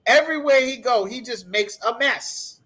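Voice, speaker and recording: A man's voice: very high voice, moderate pace, bright, forceful tone. A man teaching a scripture class, ranting in an emphatic, profane, repetitive way. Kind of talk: heated scripture breakdown.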